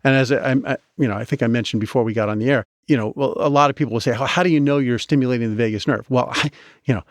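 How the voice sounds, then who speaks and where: Male guest, animated storyteller, restarts a lot, mid pitch, dry close mic. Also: very fast, no room sound. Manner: animated, chatty, with many restarts. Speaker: guest, medical device inventor. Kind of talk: storytelling in a podcast interview.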